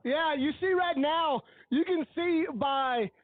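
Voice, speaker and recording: A man giving coach-like color commentary on a high school football game, earnest and openly emotional as he breaks down each play. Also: takes it slowly, no echo, narrow, tinny audio. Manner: analytical, coach-like breakdowns of plays.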